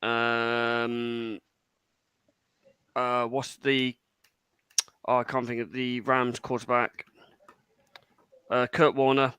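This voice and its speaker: Easygoing British podcast host, dry sound. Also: male voice, mid-range voice, flat delivery, extremely slow, pauses often, bright, forceful tone, smooth, dry recording. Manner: easygoing, chatty, runs the segments. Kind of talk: casual chat.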